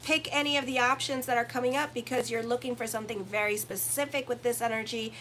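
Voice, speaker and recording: A woman's voice: on the high side, fairly even intonation, fast talker, a bit bright, a little hiss or hum, rough recording. A woman astrologer giving a casual weekly horoscope reading, blunt and profane, teasing her listeners. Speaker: astrologer and tarot reader.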